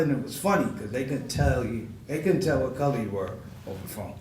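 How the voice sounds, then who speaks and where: A comedian in his forties, with a mid-range voice, talks a little fast and barely pauses while telling stories on a panel. He animatedly acts out the voices of people he quotes, laughing along, and sounds somewhat distant from the mic in a roomy, echoing hall with background noise underneath.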